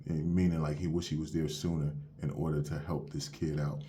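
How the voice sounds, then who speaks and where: A man's voice: very deep voice, flat delivery, a little fast, few pauses, dark tone, a little hiss or hum. A young man recapping a manga chapter in loose, slangy casual talk, walking through the plot step by step. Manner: loose and slangy, retelling the plot with "you have it where". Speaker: manga reviewer.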